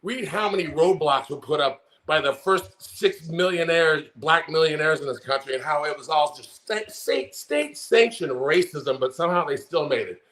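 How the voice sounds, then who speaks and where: A man's voice: a little high, expressive, normal speed, few pauses, a bit bright. A man in his forties with an American accent, co-hosting a podcast and ranting in a heated, profane, impassioned way about politics. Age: 40s. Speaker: podcast co-host.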